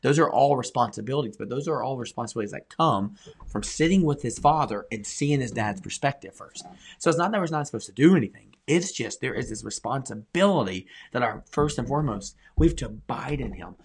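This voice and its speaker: A man's voice: medium pitch, animated, fairly quick, vocal fry, husky. A man, a pastor, talking earnestly in a conversational church podcast, repeating phrases for emphasis.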